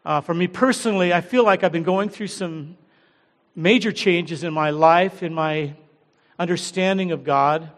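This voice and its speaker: A middle-aged American man preaching as a guest pastor, humble and halting, with many fillers. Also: on the high side, fairly bright tone. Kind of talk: sermon. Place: large church hall. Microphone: handheld or headset mic. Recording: long church hall reverb.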